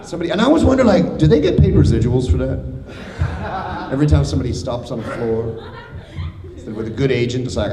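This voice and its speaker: A man's voice: mid-range voice, animated, fast talker, long pauses. A man answering audience questions on a convention panel, riffing playfully and breaking into silly voices. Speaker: voice actor guest at a convention panel. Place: large convention hall with a live audience. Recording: echoey convention hall with a long reverb and a crowd.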